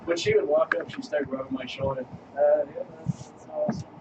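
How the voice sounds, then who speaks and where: A man's voice: a little high, lively intonation. A man joking around and teasing his friends in a casual radio-show chat. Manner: teasing, quick jokes. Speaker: podcast co-host. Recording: distant, dull mic with noise.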